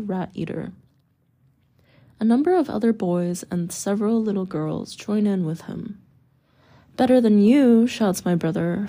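A woman reads a memoir aloud as audiobook narration. Her tone is very dark and mellow, at a middling pitch. The reading stays measured and even, with quoted lines only lightly acted.

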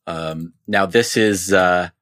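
A man's voice: low-pitched, takes it slowly, fairly bright tone. A man co-hosting a casual sports chat, laid-back with dry humor and hesitant fillers. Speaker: podcast co-host.

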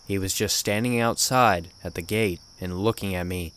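A man narrating a horror story in a measured, grim storytelling manner. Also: low voice, a bit bright. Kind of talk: scripted narration.

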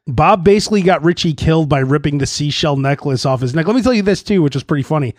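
Excitable male comedian, dry close mic. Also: fairly high pitch, dry recording. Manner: brash, excitable, laughs at his own jokes. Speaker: comedian podcast host. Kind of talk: casual monologue.

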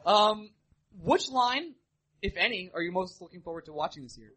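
A man hosting a live podcast, quick and wry as he throws out questions and funny stories. His voice is high and bright, with lots of movement in pitch. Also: expressive. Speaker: podcast host.

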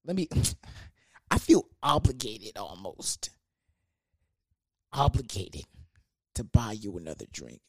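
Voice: medium pitch, very animated, takes it slowly, long pauses, darkish tone, slightly rough, dry recording, clean studio sound. A young adult telling a comedic storytime about a party, in a loose, slangy, profane manner with lots of fillers. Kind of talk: casual storytime monologue.

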